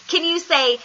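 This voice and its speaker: Woman doing high bouncy baby talk, slow and sing-songy, dull lo-fi home camera sound. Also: fairly bright tone. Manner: sing-song coaxing, laughs often. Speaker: parent filming her baby. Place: home, indoors. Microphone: handheld camera. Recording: dull lo-fi home camcorder audio.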